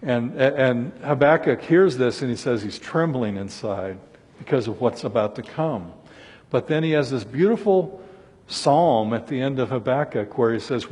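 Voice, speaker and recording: A man's voice: medium pitch, animated, moderate pace, darkish tone, slightly rough. A male preacher giving an earnest sermon, voicing scripture laments with rising intensity. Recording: long hall reverb.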